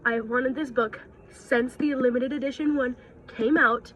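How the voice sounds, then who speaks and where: A young woman vlogging at home into her phone camera, gushing and excitable, swearing casually. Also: high voice, a little slow, slight background noise, poor audio. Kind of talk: casual vlog chat. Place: at home indoors.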